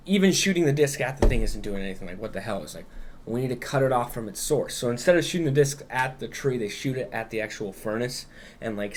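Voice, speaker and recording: A man's voice: mid-range voice, a little hiss or hum. Swearing man recapping a story casually. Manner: profane, loose retelling with acted-out quotes. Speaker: podcast co-host.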